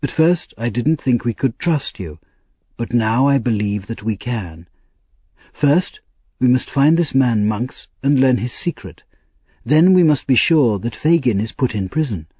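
A male narrator voicing an anxious, kindly old gentleman, earnest and measured, for an audiobook. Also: medium pitch, lively intonation, slightly rough, no room sound, pitched above the performer's own voice. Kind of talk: audiobook character reading.

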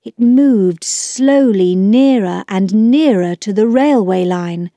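A woman reading a children's storybook aloud, clear, measured and expressive. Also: mid-range voice, dry recording. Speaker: narrator.

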